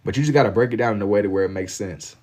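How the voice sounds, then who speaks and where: A man's voice: on the low side, rapid-fire, darkish tone. A man from Kentucky with a Southern accent, chatting casually and rambling with lots of "like" while he draws on a live stream. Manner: laid-back, rambling, heavy on filler "like".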